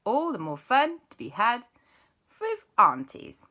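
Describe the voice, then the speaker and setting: Young woman storyteller: bright, sharp tone, pitch leaping all over, playful kids'-show narration with chatty asides. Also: wildly swooping pitch, unhurried. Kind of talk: animated children's storytelling.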